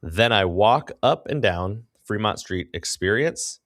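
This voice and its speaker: A man's voice: on the low side, animated, unhurried, a bit bright, dry recording, clean studio sound. A man co-hosting a casual podcast, reading listener questions and telling stories with a laugh. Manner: laughing, storytelling, acts out quotes. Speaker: podcast co-host. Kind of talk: casual chat.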